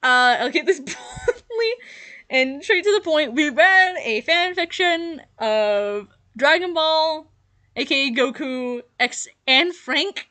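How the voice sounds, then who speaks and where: A woman's voice: sits high, lively intonation, slow, sharp tone. A young woman giving casual reaction commentary, giggly and rambling with lots of fillers. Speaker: YouTuber reacting to her old videos.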